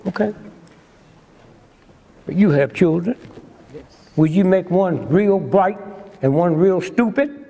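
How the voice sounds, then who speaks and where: A man's voice: high voice, expressive, slow, long pauses, mellow, slight background noise. A man in his eighties giving a comedic lecture to a live audience, preacherly and teasing, asking "hmm?" after nearly every point. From United States. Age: 80s. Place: large lecture hall. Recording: lecture hall with long reverb.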